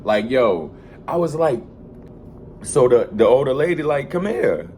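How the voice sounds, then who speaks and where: A man telling a story on his vlog in a loose, slangy, animated way, cursing freely. His voice sits at an ordinary middle pitch. A faint hum runs behind him. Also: a little slow. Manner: animated, slangy and profane, acts out quoted voices. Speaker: vlogger. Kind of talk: casual storytelling.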